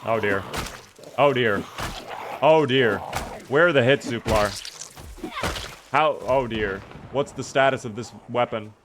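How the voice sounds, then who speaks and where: A man's voice: mid-range voice, takes it slowly, pauses often, fairly bright tone, a little hiss or hum. A man streaming a video game live, chatting upbeat with his viewers as he plays. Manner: upbeat, chatty, talks to himself and chat.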